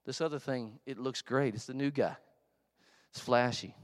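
A man preaching a sermon in a church, telling a story in a conversational, animated way with asides to the congregation. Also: medium pitch, moderate pace, no room sound, studio quality. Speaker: pastor.

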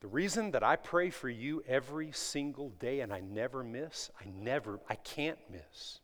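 A man preaching a sermon to his congregation, swinging between loud emphatic lines and hushed ones and asking them questions. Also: medium pitch, lively intonation, normal speed. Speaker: pastor. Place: church sanctuary. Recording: long reverb of a large hall.

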